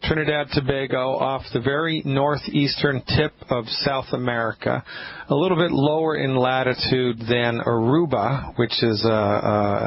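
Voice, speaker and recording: A man hosting a radio call-in show, talking casually and emphatically, often restarting his sentences. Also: medium pitch. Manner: emphatic, rambling, with frequent restarts. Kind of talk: casual call-in advice talk. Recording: muffled lo-fi radio broadcast with faint hiss.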